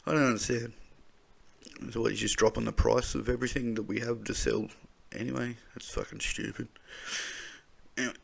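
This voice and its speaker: A man's voice: mid-range voice, vocal fry, fairly bright tone. An Australian man reading news stories aloud, breaking off into sweary, angry comments. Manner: swearing, angry outbursts between read lines.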